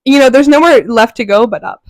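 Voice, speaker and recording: A woman's voice: fairly high pitch, brisk, no echo. A teenage girl co-hosting a podcast, telling an embarrassing story in casual chat, laughing until she cries. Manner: giggly, storytelling, laughs through her words. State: laugh-crying. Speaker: podcast co-host.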